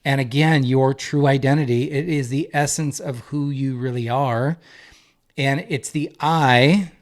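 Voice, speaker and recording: A man's voice: medium pitch, steady tone, measured pace. A man in his thirties, a marriage coach, giving an earnest, emphatic faith-based talk and repeating key phrases for weight. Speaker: marriage coach and podcast co-host.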